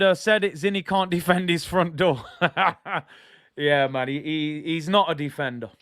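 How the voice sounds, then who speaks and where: A young man hosting a live football watch-along, reading chat and reacting loudly to the match. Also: fairly high pitch, clear, resonant tone, dry recording, clean studio sound. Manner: excitable, banters with chat, shouts at big moments.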